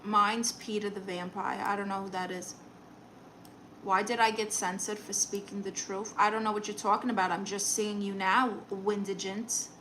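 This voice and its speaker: A woman's voice: medium pitch, flat delivery, moderate pace, bright, forceful tone, slight background noise, rough recording. A woman comedian hosting a casual live stream, reading viewer comments in a sassy, teasing, chatty way. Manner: breaks into exaggerated put-on quote voices.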